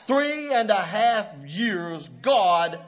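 A man preaching a sermon with passion, often breaking into shouts and laughs. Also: sits high, animated, extremely slow. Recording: dull lo-fi recording.

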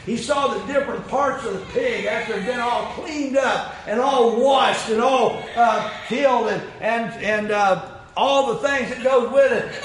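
A man preaching a sermon, telling a folksy story with repeated phrases and building to impassioned shouted climaxes. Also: extremely high pitch, a little slow. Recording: very echoey room with faint noise.

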